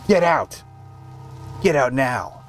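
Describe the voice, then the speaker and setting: A man's voice: lowish voice, unhurried, faint music behind, lightly acted. A man voicing a cold, furious mother who ends up screaming insults at her daughter. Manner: icy then screaming insults. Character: cold furious mother, middle-aged woman.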